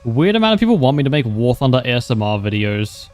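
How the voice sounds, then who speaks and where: A man's voice: mid-range voice, very animated, quick pace, darkish tone, faint music behind. A young man livestreaming a game, chatting casually with wry humor, laughing often and answering viewers' questions. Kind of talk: casual gameplay commentary.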